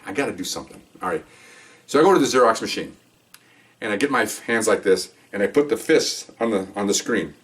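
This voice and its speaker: An older man, a retired police officer, spins a casual story in a low voice, talking fast and rambling with chuckles and frequent "okay"s. He sits a little away from the microphone. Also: a bit bright, far from the mic.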